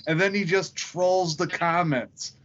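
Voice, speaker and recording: A man co-hosts a casual chat, animated and chatty, tossing out questions and tripping over his phrasing. His voice sits fairly high. The recording is slightly dull. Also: measured pace, slight background noise. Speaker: podcast co-host.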